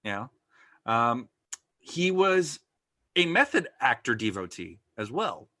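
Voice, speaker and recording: A man's voice: mid-range voice, sing-song, slow, pushed and bright, no echo, studio quality. A man co-hosting a podcast, chatting casually with playful, jokey banter. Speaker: podcast co-host. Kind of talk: casual chat.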